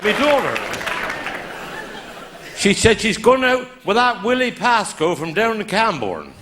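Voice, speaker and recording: A Cornish comedian spins his yarn in a high, lively voice that leaps up and down as he acts out each exchange. He talks in broad local dialect grammar, often breaking into laughter, and the live recording carries a clear hum of noise behind him. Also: a little slow, a crowd in the background. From Cornwall. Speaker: stand-up comedian. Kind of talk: live stand-up storytelling. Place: live show venue with an audience.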